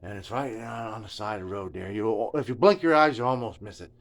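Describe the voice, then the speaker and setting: A middle-aged man with a lowish voice tells a wandering story a little fast while a furnace hums in his home workshop. He's a guitar repair vlogger who stammers, mumbles, fills gaps with filler words, and often trails into near whispers.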